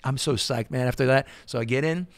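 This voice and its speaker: Middle-aged New York man, gravelly, excitable anecdote-teller, dry booth. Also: medium pitch, brisk, no room sound. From United States. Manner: animated, excitable storyteller. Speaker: guest musician. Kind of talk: storytelling in casual chat.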